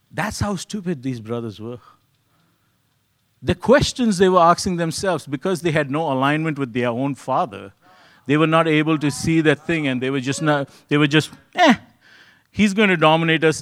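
Animated, jokey male preacher. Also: a little high, dry recording. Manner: animated, jokey, swings between loud and hushed. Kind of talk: conversational sermon.

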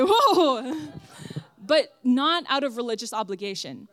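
A young woman delivers a testimony sermon in a fairly high voice, earnest and emphatic, talking right to the people in the pews. The sound is close and dry, with no room echo. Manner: earnest and emphatic, addressing the congregation directly. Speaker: church speaker giving a testimony.

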